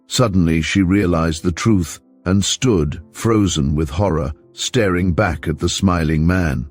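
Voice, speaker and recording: Man, audiobook narrator, deep low voice, steady measured reading. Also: faint music behind. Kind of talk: scripted narration.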